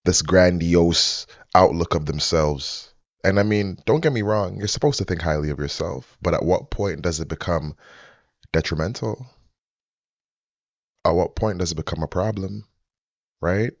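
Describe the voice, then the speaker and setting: A low-pitched man talks through his reaction to a clip in a slow, preachy, measured way. The sound is dry and close, with a slightly dull, muffled tone. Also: no room sound. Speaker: commentary host reacting to a clip. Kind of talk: casual reaction commentary.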